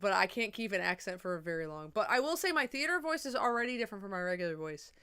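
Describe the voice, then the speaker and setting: A young woman chatting casually on a livestream, rambling and swearing, a little drunk and high. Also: very animated, fast talker, bright, forceful tone, smooth.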